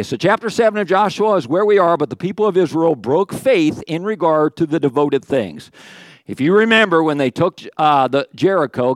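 A man's voice: fairly high pitch, no echo. Joking conversational male pastor. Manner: conversational, joking asides, frequent "okay". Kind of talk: sermon.

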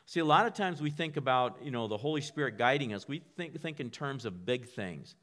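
His voice is medium-pitched, expressive, and fairly quick as he preaches in a chatty, conversational style. Words get repeated and restarted often, and occasionally he whispers a line as though voicing a quiet inner prompt.

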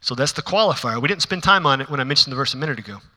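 A man preaching a sermon to a congregation in a church, shifting between hushed, intimate asides and rising, emphatic passages. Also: medium pitch, animated, very fast. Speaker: pastor. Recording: long reverb of a large hall.

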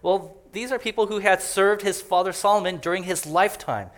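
A man's voice: high voice, fairly quick, fairly bright tone. A man preaching a conversational sermon as a pastor, joking and chatty as he explains a passage. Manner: joking and chatty, laughs often.

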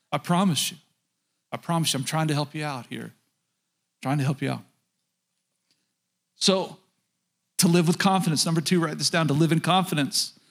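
A man's voice: a little high, a bit bright. Conversational preaching pastor, man. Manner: conversational preaching, direct questions to the congregation. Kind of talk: sermon.

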